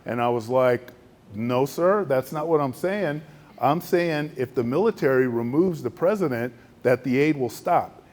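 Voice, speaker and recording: A middle-aged man, an Air Force general, telling a story in a luncheon speech and acting out the other voices. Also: unhurried. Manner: animated storytelling, acts out other voices with raised pitch.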